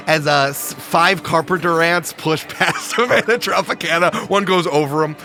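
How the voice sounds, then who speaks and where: A man's voice: on the high side, normal speed, few pauses, pushed and bright, faint music behind. A man narrating a tabletop role-playing game as game master, playful and laughing often.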